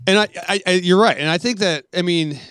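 Middle-aged guy rambling fast, swears a ton, laughs a lot, dead dry mic. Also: high-pitched, a bit bright, no echo. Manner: profane, rambling, laughs often. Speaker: podcast guest. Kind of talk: casual storytelling chat.

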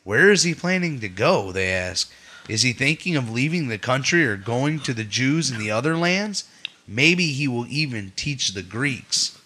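A man's voice: medium pitch, animated, normal speed, bright, forceful tone. A man leading his family's Bible study at home, reading scripture aloud and stopping for chatty asides to his listeners. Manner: reads steadily, adds chatty asides to the listeners.

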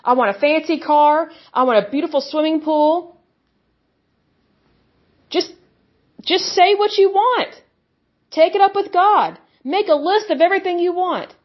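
A woman's voice: very high-pitched, measured pace, pauses often, dull audio. A woman delivering an impassioned sermon, blunt and scornful, mocking the views she rejects. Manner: blunt, scornful, mocks opponents in put-on voices. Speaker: preacher. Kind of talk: impassioned religious monologue.

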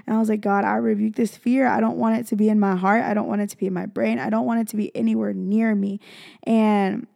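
A woman's voice: medium pitch, flat delivery, quick pace, vocal fry, warm tone, dry recording, studio quality. A young woman, a vlogger, telling a personal faith story in casual chat, full of fillers and emotional retelling. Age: young adult.

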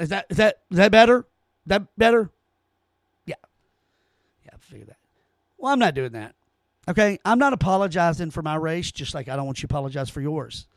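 A man's voice: fairly high pitch, expressive, brisk, pauses often, no room sound. A man hosting a solo commentary podcast, ranting in a heated, sarcastic way and often stammering as he reads aloud and reacts. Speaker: podcast host.

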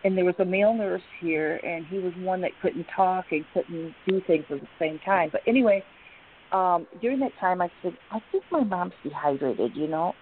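A middle-aged woman telling a long personal story, rambling with many fillers and restarts. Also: fairly low pitch. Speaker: guest. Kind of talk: emotional personal account. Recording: tinny phone line with faint hiss.

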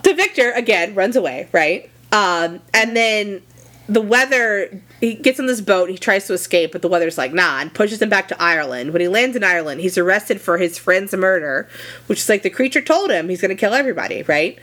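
A woman's voice: mid-range voice, fairly quick. Chatty, profane young woman podcaster. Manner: animated, profane, lots of fillers and asides. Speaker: podcast co-host. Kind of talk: casual chat, retelling a story.

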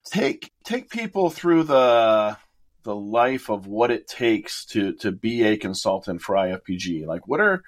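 A man's voice: fairly low pitch, sing-song, measured pace. A man hosting a podcast, asking loose, rambling interview questions. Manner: casual, rambling with restarts. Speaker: podcast host.

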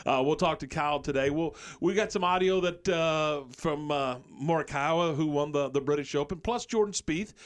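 A man's voice: fairly high pitch, normal speed, few pauses. A man hosting a sports radio show, chatting in an upbeat way and chuckling as he previews his show. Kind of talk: casual on-air chat.

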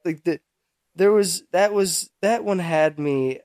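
A young man co-hosts a casual chat in a very slow, halting ramble, stopping often to search for words. His voice is plain and mid-pitched, recorded dry and close. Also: a little mellow, no room sound. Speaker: podcast co-host.

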